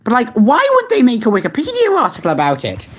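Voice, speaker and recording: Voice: mid-range voice, wildly swooping pitch, fast talker, slight background noise. A young adult streamer chatting casually while reading search results aloud, rambling and laughing at what they find. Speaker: streamer reacting to web searches. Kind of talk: casual chat.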